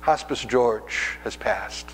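In a church sanctuary with a big-room sound, a pastor who is also a hospice chaplain preaches slowly in a mid-range voice; the audio is poor with slight background noise. His sermon is conversational, built on personal stories in which he acts out the voices.

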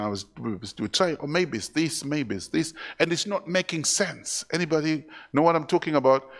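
A man's voice: high voice, fairly bright tone. A male pastor preaching a sermon in church, repeating phrases and calling out to the congregation. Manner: repetitive, preacherly call-and-response.

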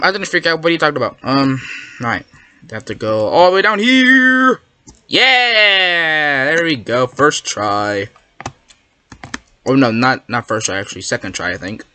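Excitable bright-voiced gamer. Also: medium pitch. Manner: excitable, yelps and protests when fooled; rambling, self-correcting. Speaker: gamer playing a map. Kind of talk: Minecraft gameplay commentary.

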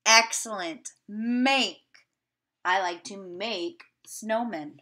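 A woman teacher giving a remote video lesson to young children, sounding out words slowly and encouraging them. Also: medium pitch, bright, forceful tone.

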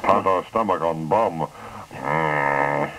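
A man's voice: a bass voice, slow, background noise, heavily acted. A man voicing a grumbling male frontier sidekick who talks in clipped, broken phrases, in a 1950s radio comedy sketch. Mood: deadpan grumbling.

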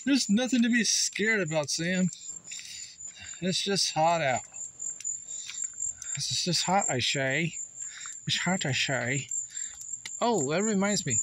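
A man's voice: sits high, sing-song, slow, pauses often, fairly bright tone, slight background noise. A man vlogging casually at home, chatting to viewers and teasing his dog in a rambling way. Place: home yard and house, partly outdoors.

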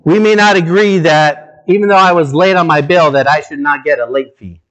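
A man preaching a sermon as pastor, talking straight to his listeners and moving between low, slow emphasis and raised, urgent appeals. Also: fairly bright tone. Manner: earnest, direct address to listeners.

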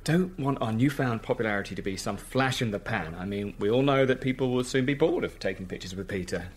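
An exasperated young administrator. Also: male voice, lowish voice, expressive, a little fast, breathy edge. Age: young adult. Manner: exasperated, incredulous. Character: eager young male museum administrator, exasperated. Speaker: museum administrator. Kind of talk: radio sitcom acting.

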